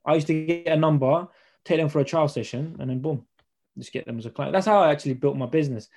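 Young trainer guest, rapid and mellow, casual chat full of slang. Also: male voice, on the high side. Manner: slangy, storytelling, acts out dialogue. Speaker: podcast guest, personal trainer.

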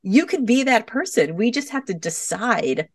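A woman's voice: fairly high pitch, big pitch swings, moderate pace, no room sound, studio quality, distant mic. A middle-aged woman, an author and podcast guest, talking animatedly and acting out voices as she tells stories. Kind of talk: podcast interview.

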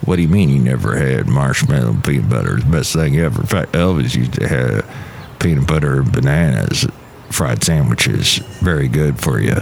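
A man voicing a disgruntled fiddle player, gruff and boastful. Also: a bass voice, animated, normal speed, a little mellow, slight background noise, pitched below the performer's own voice, full character voice. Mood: grumbly.

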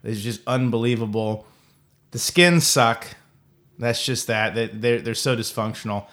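A man's voice: mid-range voice, measured pace, fairly bright tone. A man co-hosting a casual sports podcast, talking in a rambling way with lots of stumbling restarts. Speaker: podcast co-host.

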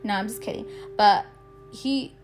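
A young woman speaks in a casual, heartfelt monologue as a podcast host. She talks frankly, often laughing and swearing. Faint music plays quietly behind her voice. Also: medium pitch, unhurried. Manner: candid and emotional, swears freely, laughs often.

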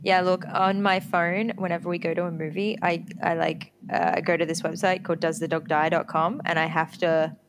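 A woman's voice: fairly low pitch, little pitch movement, normal speed, few pauses, a little hiss or hum. A woman co-hosting a podcast in casual chat, candid and self-deprecating, laughing often. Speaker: podcast co-host.

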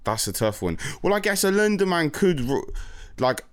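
A young man, a rapper in casual chat, agreeable and quick to chime in with his own points. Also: a little high, very animated. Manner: agreeable, chiming in.

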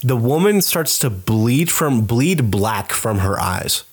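A man's voice: medium pitch, slow, husky. A man co-hosting a casual podcast, animatedly recapping a horror movie and acting out the characters with laughter and swearing. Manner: animated storytelling, acts out characters with laughs and profanity. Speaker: podcast co-host.

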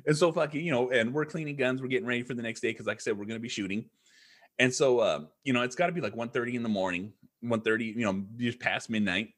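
A man's voice: medium pitch, quick pace, a bit bright. A man who is a podcast guest, telling a rambling, profane story in casual chat.

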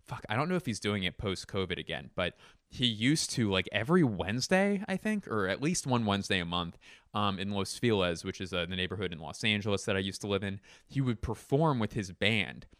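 Rambling comedy podcast man, lively pitch. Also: brisk, no room sound, studio quality. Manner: rambling, self-interrupting, swears casually. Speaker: podcast host. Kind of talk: casual comedic monologue.

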